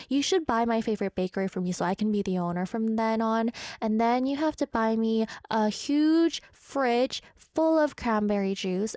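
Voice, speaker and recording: A woman's voice: medium pitch, a little mellow, no room sound, studio quality. A woman hosting a radio show, chatting casually and teasing as she reads out listener messages. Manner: playful, teasing, laughs at her own jokes. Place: radio studio. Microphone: studio microphone.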